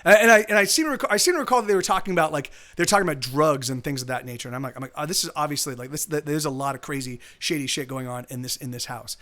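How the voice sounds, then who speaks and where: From his home streaming setup, a streamer tells a long story in a casual, rambling way, frequently restarting sentences and swearing. His voice is fairly high and a bit bright, and he talks rapid-fire with hardly any pauses.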